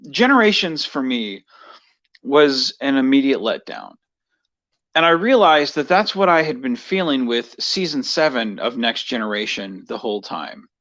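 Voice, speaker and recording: A man's voice: mid-range voice, a bit bright, muffled recording. A man rambling through a casual personal monologue for his video, full of fillers and restarts. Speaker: vlogger.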